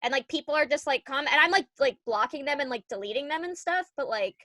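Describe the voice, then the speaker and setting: A young woman co-hosting a podcast, chatting casually with lots of "like" and animated retellings. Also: high-pitched, fast, no echo. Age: young adult. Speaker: podcast co-host. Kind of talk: casual chat.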